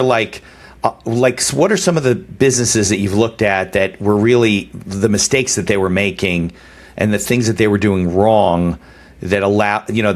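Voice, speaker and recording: Low-voiced male podcast host. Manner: relaxed, affirming questioner. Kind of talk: casual interview talk.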